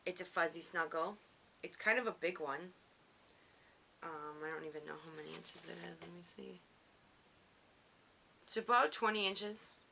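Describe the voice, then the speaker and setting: Chatty low-voiced woman podcaster with bright tone. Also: vocal fry, a little hiss or hum. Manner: chatty, rambling, self-teasing, quick to laugh. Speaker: knitting podcast host. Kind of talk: casual podcast monologue. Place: home on the coast.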